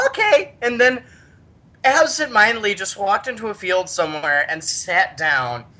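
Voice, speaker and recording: A young man hosting a podcast, telling a rambling story in an excitable, giggly way. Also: high-pitched, a little slow. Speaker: podcast host. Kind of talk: casual storytelling chat.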